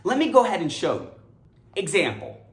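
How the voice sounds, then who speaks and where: Upbeat woman teaching grammar, lively pitch. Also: brisk. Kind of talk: educational explainer. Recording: echoey room.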